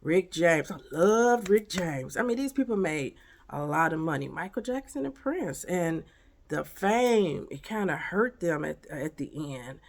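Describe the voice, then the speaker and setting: A woman's voice: on the low side, expressive, unhurried, gravelly. A woman giving a casual spiritual pep talk to camera, emphatic and preachy, full of rhetorical questions. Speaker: motivational vlogger.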